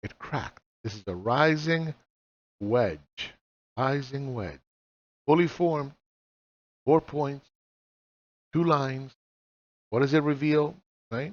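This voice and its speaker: A man in his forties teaching chart reading in a casual walkthrough. He is blunt and profane and fires off rhetorical questions. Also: medium pitch. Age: 40s. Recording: slightly dull lo-fi recording.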